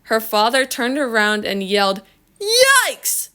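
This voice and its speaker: A woman reading a children's story aloud in a slow, expressive storytelling manner. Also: on the high side, clean tone. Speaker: reader.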